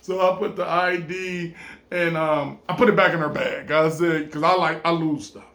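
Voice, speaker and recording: A man from California, telling a rambling vacation story in a casual vlog. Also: normal speed. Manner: rambling, repeats himself, swings between low mumbles and excited high bursts. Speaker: vlogger.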